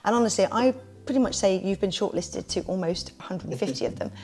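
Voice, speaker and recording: A woman in a relaxed podcast interview, talking about her kids party business at an ordinary middle pitch. She tells her stories in a lively way and slips into the voices of the people she quotes. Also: quick pace. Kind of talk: casual interview storytelling.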